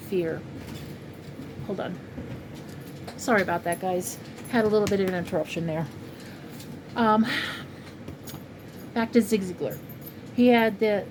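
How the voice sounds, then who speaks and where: A woman in her fifties from California, chatting in a rambling, heartfelt way with lots of fillers in a casual personal vlog at home. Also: mid-range voice. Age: 50s. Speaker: crochet channel vlogger. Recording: noisy home recording.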